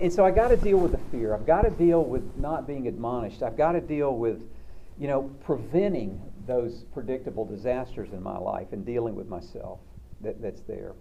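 A man's voice: mid-range voice, gravelly, mellow, a little hiss or hum, low-quality recording. A man counselor giving a sermon-like talk, conversational and storytelling, often repeating words.

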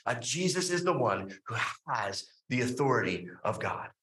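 A man preaching a sermon, lively and conversational, with frequent fillers and questions to the congregation. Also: medium pitch, normal speed, echoey room, rough recording. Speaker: pastor.

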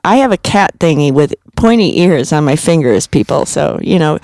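A woman's voice: low-pitched, expressive, moderate pace, a little mellow, no echo. A woman hosting a radio show, chatting casually and telling stories with frequent laughter. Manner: chatty storyteller, laughs often. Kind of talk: casual podcast chat.

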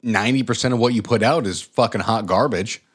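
A man's voice: on the low side, fairly quick, husky. A man co-hosting a podcast, chatting casually, swearing and teasing his co-host. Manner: profane, teasing. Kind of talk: casual chat.

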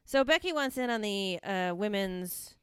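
A woman's voice: mid-range voice, expressive, measured pace, clear, resonant tone, no echo, clean studio sound. A woman co-hosting a podcast, chatting casually and enthusiastically about wrestling with lots of fillers. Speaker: podcast co-host. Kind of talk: casual chat recapping wrestling.

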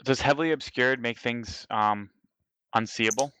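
A man's voice: mid-range voice, a little slow, a bit bright, clear, resonant tone, no echo, poor audio. A man playing a tabletop game, counting his moves aloud and reading the rules out carefully. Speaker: player.

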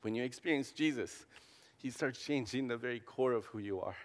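This campus pastor has a medium-pitched voice and talks a little fast. His testimony sermon is conversational, full of restarts and fillers, with dialogue acted out as he tells stories. The sound carries a long hall reverb.

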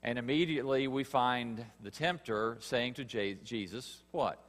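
A man preaching a sermon, earnest and emphatic, pausing and rising in stress as he reads scripture. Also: mid-range voice, fairly bright tone, in a large hall. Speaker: pastor.

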